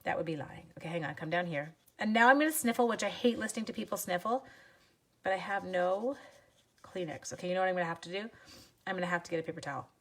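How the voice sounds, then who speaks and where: Husky woman with the sniffles. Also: lowish voice, fast talker. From Canada. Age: 40s. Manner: chatty, self-deprecating, talks to viewers' comments. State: sniffly from sneezing. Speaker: crafting livestream host. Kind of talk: casual live crafting demo. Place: home craft room.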